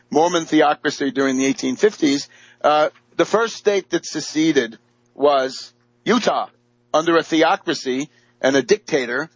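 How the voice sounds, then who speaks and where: A man's voice: fairly high pitch, no echo. A man giving a rambling political monologue, full of fillers and restarts. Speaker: political commentator. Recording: dull lo-fi dry audio.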